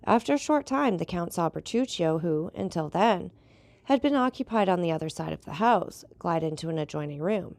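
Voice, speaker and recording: A woman narrating a classic novel in a measured, even storytelling voice. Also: on the low side, creaky, no room sound. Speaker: audiobook reader. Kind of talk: scripted narration.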